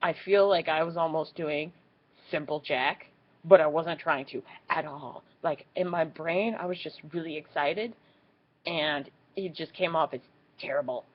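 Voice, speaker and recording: A young woman telling a story in a casual vlog, swearing freely and acting out what people said in squeaky high voices. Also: measured pace, muffled recording. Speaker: vlogger.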